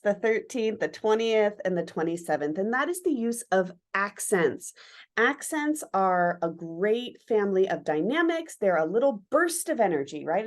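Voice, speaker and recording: A middle-aged woman teaching dance online, her pitch rising and falling in a lively way. She explains with enthusiasm and acts out movement sounds to show how a motion lands. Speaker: dance educator. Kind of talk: online lesson with screen share.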